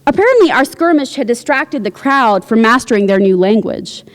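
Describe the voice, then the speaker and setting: A woman reading her own fiction aloud at a university, with a wry, deadpan delivery. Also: fairly high pitch, moderate pace, long reverb tail. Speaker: visiting writer. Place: university lecture hall.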